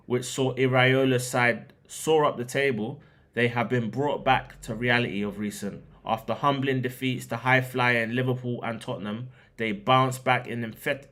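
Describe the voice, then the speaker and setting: A man's voice: mid-range voice, fairly bright tone. A man hosting a football podcast, reading match previews from a script with joking asides and restarts.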